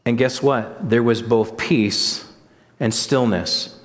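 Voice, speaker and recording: A man's voice: mid-range voice, slow pace, in a large hall. A man preaching a sermon at a church service, talking casually and putting questions to the congregation. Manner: conversational, asks the congregation questions. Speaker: pastor.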